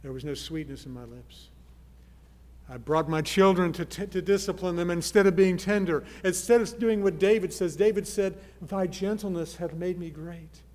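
A man's voice: high voice, moderate pace. Earnest man preaching in a reverberant hall. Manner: earnest, swings between soft pleading and loud emphasis. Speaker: pastor. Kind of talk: sermon.

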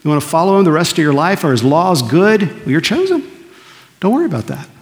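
A pastor preaching an earnest sermon, asking the congregation questions and answering them himself. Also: male voice, fairly high pitch, animated, fast talker. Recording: long reverb of a large hall.

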